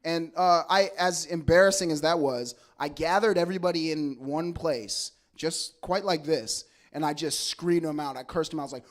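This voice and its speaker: A man's voice: a little high, moderate pace, hardly any pauses. A man from El Segundo doing a stand-up comedy set, telling stories in a loose, rambling, profane way with lots of stammered restarts. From El Segundo, California.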